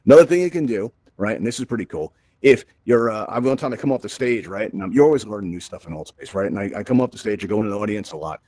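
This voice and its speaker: A man's voice: lowish voice, lively intonation, racing, few pauses, mellow, no room sound, clean studio sound. A man hosting a virtual reality event, walking a crowd through controls in an upbeat, encouraging way with playful asides. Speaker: VR event host and instructor. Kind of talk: live instructional walkthrough.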